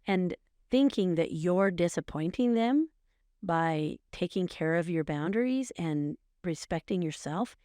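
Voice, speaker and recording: A woman's voice: fairly low pitch, lively intonation, unhurried, mellow, dry recording. Earnest middle-aged woman giving advice. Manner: earnest, coaching, repeats phrases for emphasis. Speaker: podcast co-host, mother. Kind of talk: casual advice chat.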